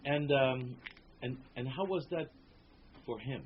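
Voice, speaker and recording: A male interviewer asks slow, hesitant questions with "um" and restarts. His pitch is middling. The recording sounds slightly muffled, with a low hiss. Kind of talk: oral history interview.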